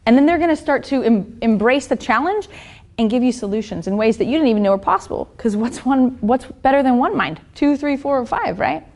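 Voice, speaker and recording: A woman coach delivers a motivational seminar talk in a fairly high voice. She is blunt and swears freely, and she keeps turning to the audience with quick questions. Her energy makes her pitch and loudness jump around. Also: lively intonation. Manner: blunt and profane, keeps asking the audience "right?". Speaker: business and fitness coach.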